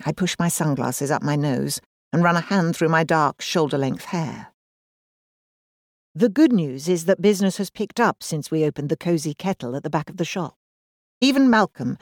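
A woman's voice: low-pitched, dry recording. Woman in her forties, first-person audiobook narration, wry and self-deprecating, dry close sound. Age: 40s.

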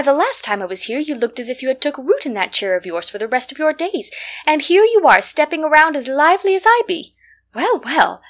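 A woman's voice: medium pitch, a bit bright. A woman voicing a fat, effusive older countrywoman who speaks in rustic, ungrammatical phrases.

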